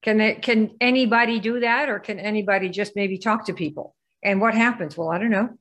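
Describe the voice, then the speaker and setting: A woman's voice: medium pitch, a little fast, fairly bright tone. A woman giving a live business training presentation. She keeps firing rhetorical questions at her listeners and pushing them to answer. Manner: rhetorical, quizzes the audience.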